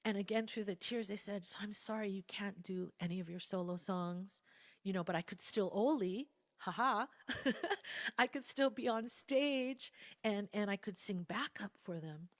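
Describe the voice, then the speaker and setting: A woman speaking at a spiritual gathering, telling a candid personal story in a reflective, conversational way with soft asides. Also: mid-range voice, moderate pace, dry recording. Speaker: guest speaker.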